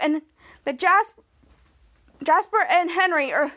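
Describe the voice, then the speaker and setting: A woman's voice: high voice, unhurried, a bit bright. A woman hosting a podcast, recapping a TV episode in a rambling way, stringing scenes together with "and then" and "like" and often restarting her sentences. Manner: frequent restarts and self-corrections. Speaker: podcast host.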